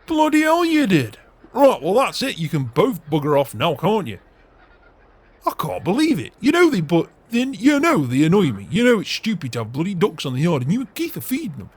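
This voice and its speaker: A man's voice: high-pitched, wildly swooping pitch, brisk, full character voice. A man playing a grumpy, foul-mouthed middle-aged farmer in a farming game role-play. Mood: grumbling. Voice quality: raspy, gruff and swearing.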